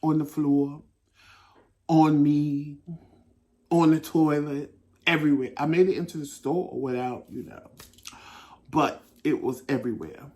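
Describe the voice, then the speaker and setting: A man hosting a talk show, telling a story in a casual, animated way and swearing freely. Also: a little high, unhurried, pauses often. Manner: animated, swearing, laughing at himself. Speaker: host.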